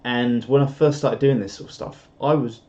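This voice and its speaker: A man's voice: medium pitch, steady tone, normal speed, mellow. British guy rambling thru viewer comments on a live stream, laughs at himself a lot, dull muffled audio. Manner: rambling, self-deprecating, chuckles often. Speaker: YouTuber hosting a live stream.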